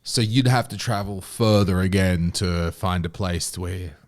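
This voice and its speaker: A man's voice: low voice, unhurried. An Australian man co-hosting a podcast in a studio, ranting and swearing in casual chat. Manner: ranting, profane, animated storytelling. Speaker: podcast co-host.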